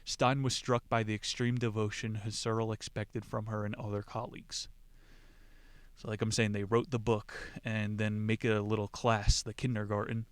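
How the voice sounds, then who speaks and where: A man's voice: fairly low pitch, flat delivery, normal speed, clear, resonant tone, dry recording. A man hosting a podcast, riffing casually and mockingly on a philosophy book and reading quotes from it aloud. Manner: irreverent, rambling, mocking, reads quotes aloud. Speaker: podcast host.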